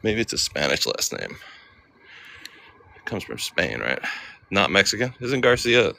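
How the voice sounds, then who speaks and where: A man's voice: deep voice, sing-song, a little slow, creaky, bright, forceful tone. A man casually vlogging on a walk, chatting to viewers and reading names aloud. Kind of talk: casual livestream walk-and-talk. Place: outdoor cemetery.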